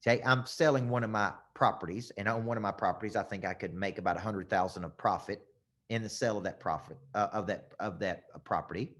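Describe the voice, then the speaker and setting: A man's voice: fairly low pitch, quick pace, a bit bright. A man, a business coach teaching a live webinar over a computer mic, getting worked up and repeating phrases for emphasis.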